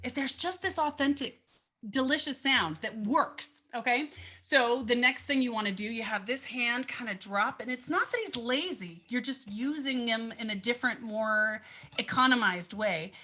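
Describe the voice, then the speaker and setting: A woman's voice: on the high side, moderate pace, sharp tone, soft background music. A woman teaching a violin lesson in a chatty, upbeat way, with fillers and asides between demonstrations. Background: violin playing between phrases.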